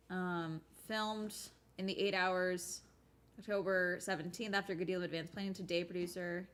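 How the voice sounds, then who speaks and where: A young woman chatting casually as she reads articles aloud, thinking out loud and trailing off into filler sounds. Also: lowish voice, fairly even intonation, brisk. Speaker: streamer. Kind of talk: casual commentary while reading articles aloud.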